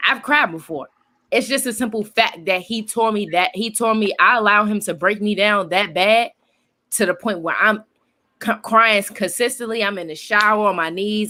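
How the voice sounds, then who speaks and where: A young woman with a bright, forward voice tells a personal story to her friends. She is loose, slangy and animated, and laughs easily between lines. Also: medium pitch, normal speed. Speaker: co-host. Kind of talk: casual group chat, storytelling.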